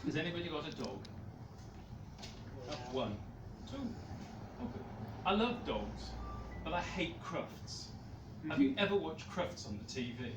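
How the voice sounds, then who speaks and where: A man reads comic verse in a high, bouncing voice that swoops all over and erupts into shouts. He sounds distant, picked up from across a roomy venue with a clear hum of the room behind him. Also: very animated, unhurried, pauses often. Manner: loud shouting bursts in recited lines. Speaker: performance poet. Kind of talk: comic poetry reading. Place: small live arts venue.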